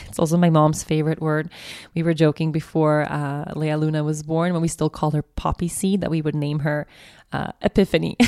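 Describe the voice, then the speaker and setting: Gravelly, mellow-voiced woman podcaster. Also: sits low, no echo, clean studio sound. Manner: candid, laughs often, warm storytelling. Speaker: podcast host. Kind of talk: reflective personal storytelling.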